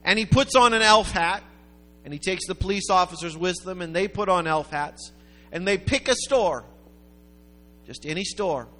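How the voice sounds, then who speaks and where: A man preaching a sermon, telling a story in a rambling way that builds to loud, emphatic peaks. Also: sits high, expressive, moderate pace. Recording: long hall reverb with faint music.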